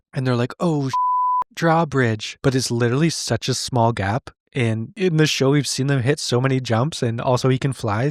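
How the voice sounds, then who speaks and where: A man's voice: mid-range voice, no room sound, studio quality. A man co-hosting a comedy show, recapping an old cartoon with sarcastic, incredulous narration. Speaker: podcast co-host recapping a cartoon. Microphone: remote call mic.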